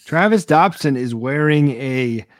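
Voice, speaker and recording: A man's voice: fairly high pitch, animated, a little slow, no echo, studio quality. A man from Chicago co-hosting a sports podcast, chatting casually and reading out viewer comments. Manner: upbeat, reads out viewer comments. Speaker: podcast co-host. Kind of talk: casual chat.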